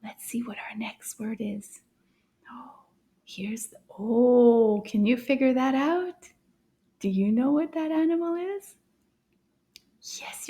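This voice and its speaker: High, slow-talking woman teaching kids. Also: mellow. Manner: cheerful and coaxing, drops to whispers for suspense. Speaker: French teacher for children. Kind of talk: slow, encouraging kids' lesson.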